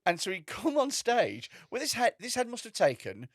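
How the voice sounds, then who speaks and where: A man hosting a comedy podcast, telling stories in a lively way, with restarts and laughter. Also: sits high, dry recording, clean studio sound. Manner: animated storytelling with quick restarts and laughter. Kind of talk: casual chat.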